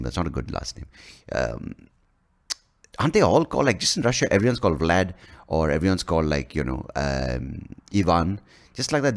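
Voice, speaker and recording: A man rambles through a comic podcast monologue, swearing freely and poking fun at himself. His low voice is gravelly and rises and falls in lively swings. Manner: profane, rambling, self-mocking. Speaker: podcast host. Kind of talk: comedic monologue.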